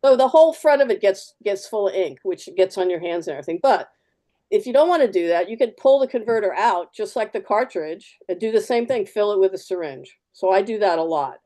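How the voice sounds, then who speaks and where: Chatty woman artist with a mellow voice. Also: medium pitch, expressive, a little fast. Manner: chatty, repeats key words for emphasis. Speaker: artist demonstrating fountain pens. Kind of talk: live demo explanation.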